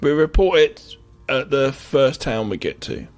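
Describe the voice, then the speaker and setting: A man's voice: medium pitch, a little slow. A man co-hosting a podcast, chatting casually and acting out movie scenes as he retells them. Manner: animated retelling, acts out scenes. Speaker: podcast co-host. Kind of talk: casual film chat.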